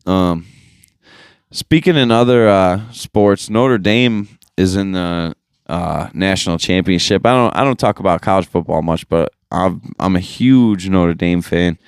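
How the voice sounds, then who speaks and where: A man's voice: deep voice, measured pace, clear, resonant tone, dry recording, clean studio sound. A man hosting a podcast in casual chat, laid-back and profane, heavy on slang, into a podcast microphone. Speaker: podcast host.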